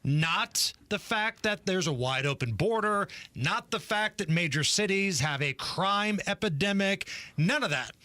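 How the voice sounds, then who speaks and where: A man with a high, bright and forceful voice hosts political talk radio, ranting with heavy sarcasm and punchy emphasis. The studio sound is close and dry, with no room around it. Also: animated, a little slow, no echo. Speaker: radio talk show co-host. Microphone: studio microphone.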